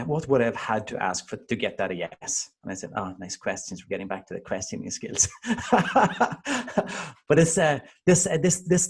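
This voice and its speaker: Earnest man telling stories, low voice. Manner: storytelling, earnest, animated. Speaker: father of two daughters. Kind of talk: casual conversation.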